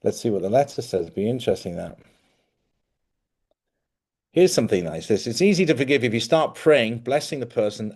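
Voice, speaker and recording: Chatty man hosting a spiritual live stream. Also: on the low side. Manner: chatty, animated, laughs often. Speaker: spiritual host.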